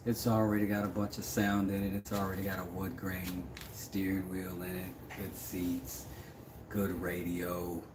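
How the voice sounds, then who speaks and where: A man's voice: low-pitched, monotone, unhurried, reverberant, noisy background. A man, chatting casually with viewers on a livestream, reading their comments aloud and often trailing off into mumbles. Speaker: livestream host making mallets.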